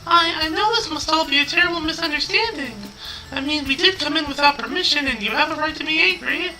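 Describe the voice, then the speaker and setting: A courteous teenage girl, voiced by a man, speaks in a raised, gentle voice. She sounds apologetic and careful with her words. The lines are read from a game. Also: extremely high pitch, fast, faint music behind, pitched above the performer's own voice, exaggerated voice, low-quality recording. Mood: polite. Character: polite soft-spoken teenage girl.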